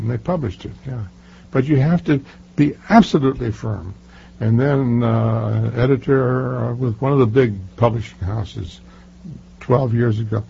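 An older man, an author in a casual interview, tells stories emphatically, full of fillers and restarts. His mid-range voice is gravelly and warm. The recording is muffled and lo-fi, with a faint hiss or hum underneath.

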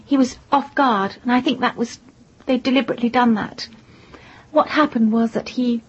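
Husky woman, measured and composed. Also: on the high side. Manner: measured, composed, careful recounting. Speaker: interviewee, widow of the victim. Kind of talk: interview answers. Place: in London. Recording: dull lo-fi broadcast audio.

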